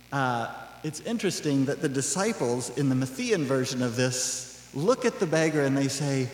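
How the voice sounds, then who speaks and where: A male pastor preaching a sermon in a relaxed, conversational way, full of asides. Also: on the high side. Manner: conversational, animated, acts out quoted voices with laughs. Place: church sanctuary. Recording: echoey church hall.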